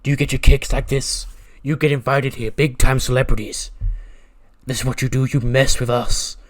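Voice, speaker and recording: A man voicing a menacing, threatening male wrestler, loud and taunting in a game story. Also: medium pitch, fairly even intonation, slow pace.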